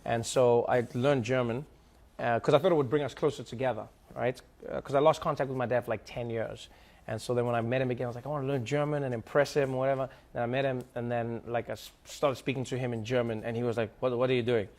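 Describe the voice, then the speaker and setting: A man's voice: medium pitch, fast. A man, a comedian host, chatting casually and telling stories to a studio audience. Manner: chatty, animated storytelling.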